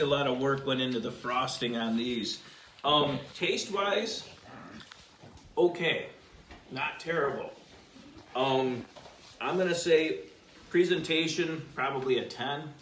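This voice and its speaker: A man's voice: mid-range voice, measured pace, a bit bright. A man judging a home baking show in a casual, jokey way. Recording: echoey room, distant mic, faint noise.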